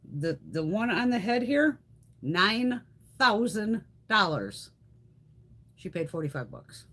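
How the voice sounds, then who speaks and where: This middle-aged beauty livestreamer speaks at a medium pitch and takes her time. Her manner is animated and casual as she swears without restraint and responds to the people watching live.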